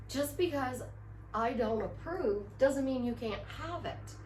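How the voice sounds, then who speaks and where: A woman's voice: high-pitched, expressive, unhurried, a little mellow, slight background noise. A woman life coach giving a casual motivational talk, chatty and storytelling, repeating affirmations. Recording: echoey room from far off.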